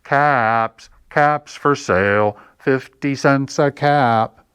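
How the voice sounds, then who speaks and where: A man voicing a frustrated male cap peddler who shouts and scolds, in a storybook read-aloud. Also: mid-range voice, drawn-out words, clear, resonant tone, dry recording, voice pushed up. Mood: calling out. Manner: shouting, exasperated.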